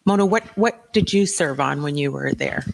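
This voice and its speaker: A woman's voice: low voice, animated, normal speed, creaky, low-quality recording. A middle-aged woman hosting a talk show, asking questions in a direct, opinionated way. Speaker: host.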